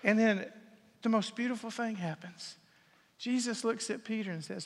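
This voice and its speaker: A man preaching a sermon as a pastor in a church, swinging between loud declarations and hushed whispers. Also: sits high, moderate pace. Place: church sanctuary. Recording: long reverb of a large hall.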